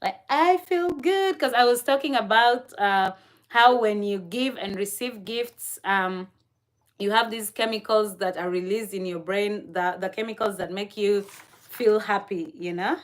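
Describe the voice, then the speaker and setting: A woman hosting a casual livestream chat, talking straight to her viewers, laughing often and filling pauses with "uh" and "um". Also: medium pitch, steady tone. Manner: chatty, laughs often, many fillers; talks to chat viewers directly. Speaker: livestream host.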